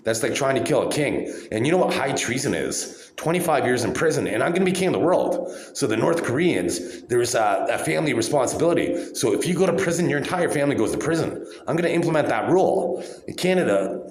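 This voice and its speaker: A man in his forties delivering an angry, accusatory rant straight to the camera, repeating himself as he goes. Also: mid-range voice. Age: 40s. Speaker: vlogger. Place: hospital room. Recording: echoey room.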